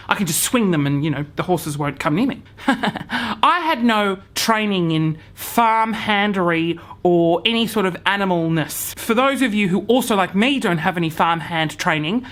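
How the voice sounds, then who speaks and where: A young man vlogging a comic story to camera, acting out his own panic with hushed whispers, swearing and sudden shouts. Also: sits high.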